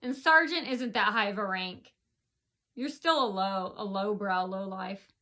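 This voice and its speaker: Indignant woman with a bright voice. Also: mid-range voice, measured pace. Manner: indignant, rambling, repeats herself. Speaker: vlogger. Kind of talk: ranting personal storytelling.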